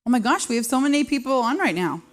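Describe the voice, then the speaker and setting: A woman in her thirties hosting a live show, telling brash, self-deprecating comic stories at a quick clip. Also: a little high, very animated. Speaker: host. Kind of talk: live comedic storytelling.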